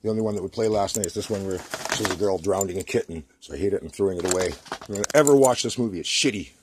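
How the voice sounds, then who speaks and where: A man's voice: deep voice, fast, noisy background. A Canadian man ranting to the camera in his home workshop, agitated and rambling, often repeating himself. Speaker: vlogger.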